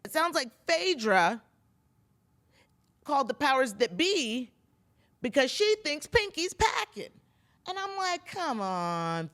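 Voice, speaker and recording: A woman's voice: a little high, fairly bright tone. A woman hosting a casual podcast, recapping reality TV in a chatty, gossipy way and talking straight to her listeners. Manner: chatty, gossipy, lots of fillers and asides to listeners. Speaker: pop culture podcast host.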